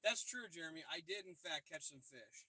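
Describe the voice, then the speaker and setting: A man's voice: on the high side, expressive, normal speed, bright, forceful tone, husky, no echo. A man hosting a casual livestream, joking and swearing as he chats with viewers from a parked car, recorded on a phone on the dash. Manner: profane, joking banter. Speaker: livestream host. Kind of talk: casual live chat with viewers. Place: parked car by a river at night. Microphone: phone propped on the dash.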